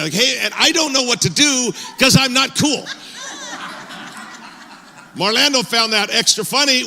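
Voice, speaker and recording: A male pastor tells a story from the pulpit with animated, self-mocking humor. His voice sits high and sounds very bright. It rings out into a church hall with a long reverb. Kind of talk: storytelling sermon. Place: church auditorium.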